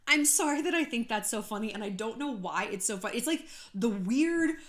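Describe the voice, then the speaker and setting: A woman from California talks through celebrity gossip in a casual vlog, sarcastic and chatty with frequent laughter. Her pitch sits a little high and swings widely as she goes, and she swears freely. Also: expressive, a little fast, slight background noise. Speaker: YouTube host.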